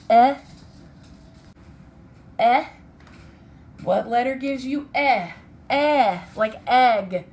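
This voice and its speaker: A woman's voice: high voice, slight background noise. A woman teacher giving a recorded phonics lesson to children, speaking patiently and sounding out letters and syllables.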